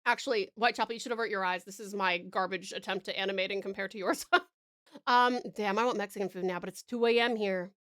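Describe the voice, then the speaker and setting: A woman's voice: mid-range voice, fairly even intonation, fast, a bit bright. A woman with an Australian accent chatting casually on a live stream, giggling and eating as she talks. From Tasmania, Australia.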